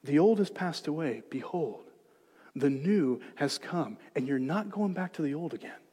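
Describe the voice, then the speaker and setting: A man preaching a sermon as pastor, moving between hushed, gentle reassurance and loud, emphatic exhortation. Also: a little high, lively intonation, moderate pace, husky, in a large hall. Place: church sanctuary.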